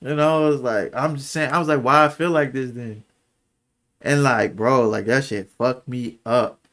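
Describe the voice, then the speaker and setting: A young man speaks casually and candidly, full of slang and filler. His voice sits at an ordinary middle pitch and drops quiet and soft when the memories get heavy. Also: steady tone, normal speed. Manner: candid, slangy, lots of "like" and "bro"; emotional, voice drops low and soft when recalling. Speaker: podcast co-host. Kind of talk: casual storytelling.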